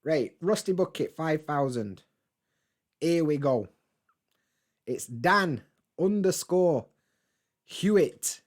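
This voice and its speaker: A man chatting casually on a live stream, reading and answering chat comments in a relaxed, swearing, laughing way. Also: on the high side, slow pace, long pauses. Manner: laid-back, chatty, swears freely, laughs often.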